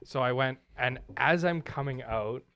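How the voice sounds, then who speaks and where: A man on a podcast rambles through a story in a mid-pitched voice. He keeps dropping in fillers like "you know" and "like". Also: normal speed, fairly bright tone. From Canada. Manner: rambling anecdotes with many fillers. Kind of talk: casual podcast chat.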